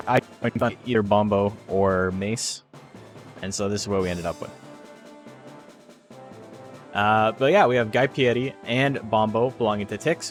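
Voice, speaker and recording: A man with a fairly low voice commentates a game tournament stream in a loose, rambling way, cracking jokes and dropping curses as he talks. Faint music plays underneath. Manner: rambling, joking, swears freely. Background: faint background music.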